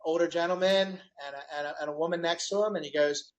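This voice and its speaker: A man hosting a podcast interview, telling a story with animated, acted-out quotes. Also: on the high side, fast talker, few pauses, rough recording. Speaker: podcast host. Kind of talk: casual interview chat.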